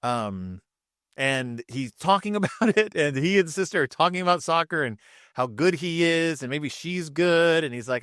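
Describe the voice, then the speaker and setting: A man hosting a podcast, chatting casually as he retells cartoon episodes and slips into quick voices for the characters. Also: on the high side, lively intonation, a bit bright, smooth, dry recording, studio quality. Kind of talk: casual solo commentary. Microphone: microphone with camera.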